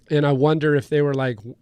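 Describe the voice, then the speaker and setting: Male podcast co-host, higher register, dry sound, animated scene-by-scene storyteller. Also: smooth, no room sound, highs cut off. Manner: animated retelling of scenes, frequent restarts. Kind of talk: casual film discussion.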